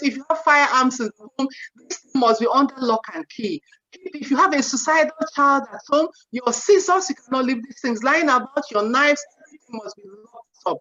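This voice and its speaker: Woman in her forties, a seminar speaker on parenting, lively and chatty, acts out quotes, high voice. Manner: animated, acts out parent and child quotes, frequent "you know". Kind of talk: parenting talk. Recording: dull lo-fi sound.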